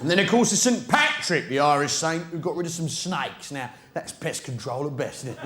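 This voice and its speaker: A middle-aged man doing live stand-up comedy, with brash, blokey banter aimed at the audience and sudden shouts to rouse the crowd. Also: on the high side, animated, moderate pace, heavy background noise. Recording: roomy live venue, loud audience.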